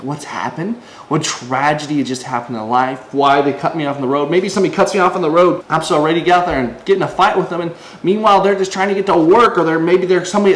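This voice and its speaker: A man giving a casual devotional video talk as an online preacher. He rambles in a conversational way, restarts often and acts out quoted voices. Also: high voice. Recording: echoey room with faint ambient noise.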